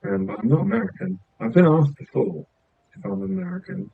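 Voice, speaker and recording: A southern English man streaming a game and rambling along, his gravelly, husky voice swinging up and down as he talks. The sound is thin and tinny, like it comes over a phone line. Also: high-pitched, big pitch swings, fairly quick. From England. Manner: meandering, chatty, many filler sounds. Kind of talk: rambling casual chat while gaming.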